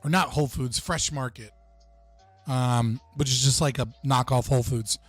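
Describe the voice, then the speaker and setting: A man's voice: medium pitch, fairly even intonation, normal speed, fairly bright tone, slightly rough, no room sound, faint music behind. Casual profane male livestreamer. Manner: casual, profane, chatting with his viewers. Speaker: livestream host.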